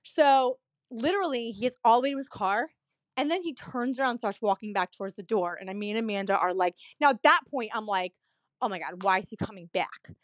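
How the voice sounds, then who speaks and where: A woman from a dental office tells a story to camera in a high, brisk voice, rambling along with lots of fillers and emphatic asides. She sounds indignant as she retells it, and there's no room sound.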